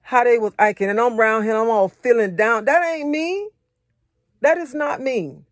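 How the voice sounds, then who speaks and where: A woman's voice: a little high, fairly quick, no echo. Woman, faith encouragement, repetitive preaching, casual testimony, dry close sound. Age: adult, married. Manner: repetitive, earnest, conversational preaching; personal testimony in casual vernacular. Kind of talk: motivational faith talk.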